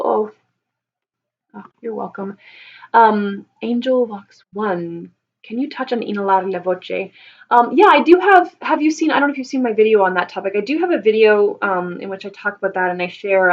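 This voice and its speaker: A woman voice teacher answering viewer questions in a live session, explaining patiently with frequent pauses and restarts. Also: mid-range voice. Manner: thoughtful, many ums and restarts, explains patiently. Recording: slightly dull lo-fi sound.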